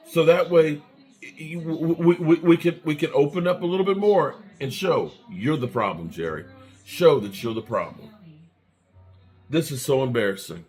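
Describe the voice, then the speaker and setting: A man's voice: a little high, expressive, moderate pace, faint music behind. A man hosting a fan channel, delivering an angry, repetitive rant with swearing.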